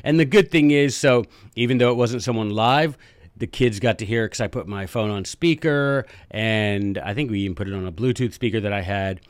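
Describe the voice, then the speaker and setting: A man hosting a podcast, telling a story in a chatty, animated way with jokey asides. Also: fairly low pitch, brisk, smooth, no echo, studio quality. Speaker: podcast host and teacher. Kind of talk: casual storytelling monologue.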